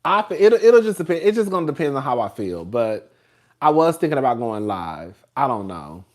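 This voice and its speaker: Animated sassy man chatting to his viewers. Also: fairly high pitch, a little fast. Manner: rambling, chatty and sassy, laughs often. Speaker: show host reviewing TV. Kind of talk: casual chat on a live stream.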